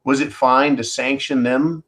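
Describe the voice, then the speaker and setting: A man hosts a live stream, delivering a ranting commentary monologue. He piles up rhetorical questions and keeps addressing his viewers as folks. His voice sits at an ordinary middle pitch. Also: steady tone, measured pace, fairly bright tone.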